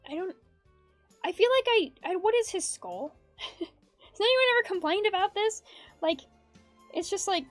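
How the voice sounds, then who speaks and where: High-voiced woman chatting while drawing. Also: expressive, measured pace, pauses often, no room sound. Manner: rambling, giggly, reads chat aloud. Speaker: art streamer. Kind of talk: casual chat while drawing. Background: faint background music.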